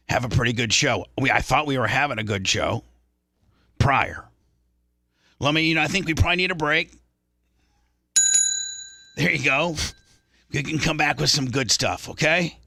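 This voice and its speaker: Radio host guy, bright higher voice, dry studio sound, lecturing and restarting a lot. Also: moderate pace, vocal fry, long pauses, no echo. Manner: defensive, lecturing, repetitive restarts. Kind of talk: on-air argument with a co-host.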